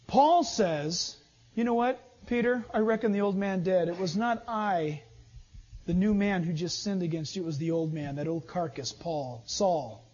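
High-voiced preacher man, lo-fi. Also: moderate pace. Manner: animated preaching, swings between loud urging and low asides. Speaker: pastor. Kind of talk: sermon.

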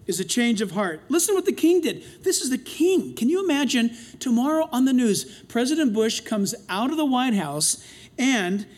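A middle-aged man preaching a sermon as pastor, swinging between loud passionate lines and quiet asides. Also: very high-pitched.

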